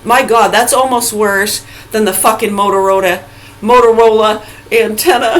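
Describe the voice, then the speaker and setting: A woman's voice: a little high, fairly even intonation, moderate pace, low-quality recording. Swearing, ranting woman in her forties. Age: 40s. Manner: heated, swearing, rambling. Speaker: vlogger. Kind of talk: profane angry rant.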